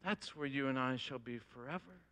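A man preaching a sermon as a pastor, telling an animated illustration to his congregation with rising emphasis. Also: mid-range voice, moderate pace.

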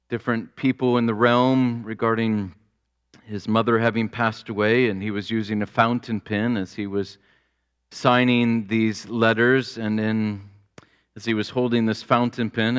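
A man preaching a sermon, his voice smooth and resonant. He takes his time over every phrase, then climbs into fervent exclamations. He is an unhurried, deliberate preacher. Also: medium pitch, a bit bright. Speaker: pastor.

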